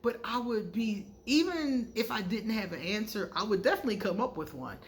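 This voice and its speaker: Animated woman tarot reader chatting. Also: mid-range voice, brisk, a little hiss or hum. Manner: animated storyteller who acts out quoted dialogue; frank and conversational, addresses viewers directly. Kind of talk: casual vlog monologue.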